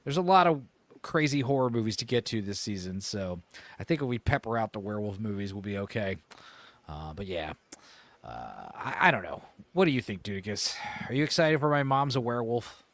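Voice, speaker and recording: A man hosting a casual podcast, chatting about movies in a rambling way, with many pauses and self-corrections. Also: on the low side, expressive, a bit bright, no room sound. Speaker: podcast host.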